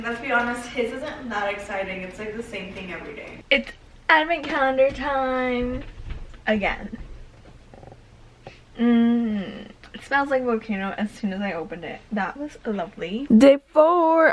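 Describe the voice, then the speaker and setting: A woman's voice: a little high, slight background noise, poor audio. A young adult woman chatting casually to camera in a daily vlog, often cooing at her cat. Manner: chatty, talks baby-talk to her cat. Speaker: vlogger.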